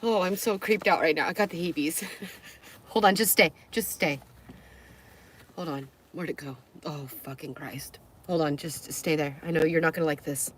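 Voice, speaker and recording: A woman's voice: low-pitched, normal speed. A woman live streaming, chatting casually and talking to her dogs, with squeamish outbursts.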